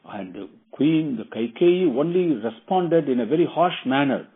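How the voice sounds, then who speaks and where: A man retells a religious epic in a loose, rambling way, restating phrases and filling pauses with "uh." His voice is husky, and the recording is thin and tinny, like a phone line. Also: medium pitch, lively intonation. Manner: rambling, repeats himself with many fillers. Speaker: storyteller.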